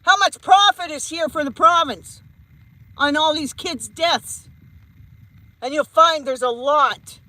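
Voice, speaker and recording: A woman's voice: high voice, slow, sharp tone, dry recording, rough recording. A woman, a psychic medium, giving a heated vlog rant and repeating her points emphatically. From Canada.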